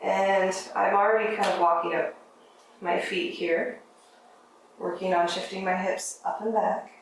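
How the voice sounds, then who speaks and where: A woman teaching a yoga class, giving gentle, encouraging step-by-step cues for breath and movement. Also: mid-range voice, fairly even intonation, a little slow, vocal fry, slight background noise. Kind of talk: guided yoga class instruction. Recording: very echoey room, mic at a distance.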